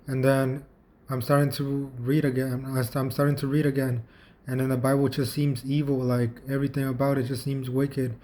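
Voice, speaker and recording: Speaking at mid-range in a flat, somewhat mellow voice, a man vlogs about his own experience. His telling is casual and halting, full of false starts and repeated words.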